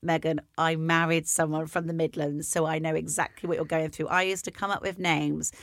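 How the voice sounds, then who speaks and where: A woman's voice: deep voice, level tone, fairly quick, no room sound, clean studio sound. A woman co-hosting a podcast, chatting casually and laughing as she tells stories. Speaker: podcast co-host.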